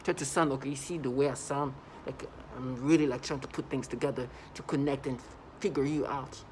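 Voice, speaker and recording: A man's voice: medium pitch, steady tone, fairly quick, a little mellow, a little hiss or hum, low-quality recording. A man delivering a casual vlog monologue, emphatic and repetitive, often restarting his sentences. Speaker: vlogger.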